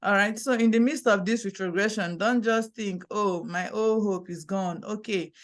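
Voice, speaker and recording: A woman's voice: mid-range voice, normal speed. A woman hosting an online interview over a video call, speaking in an encouraging, conversational way. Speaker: host.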